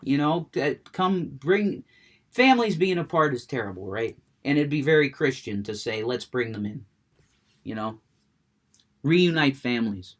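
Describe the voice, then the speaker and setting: An adult man who smokes rants with heavy cursing, getting worked up, then chats about a video game he's playing in unfiltered, profane talk. His mid-range voice has lively intonation and a measured pace.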